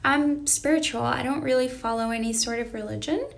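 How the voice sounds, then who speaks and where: Young woman life coach chatting on a live, kinda high voice with lots of vocal fry, earnest and reflective. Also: a little fast. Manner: earnest, reflective, reads viewer questions aloud. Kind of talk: casual live-stream chat. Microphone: phone or webcam on a live stream.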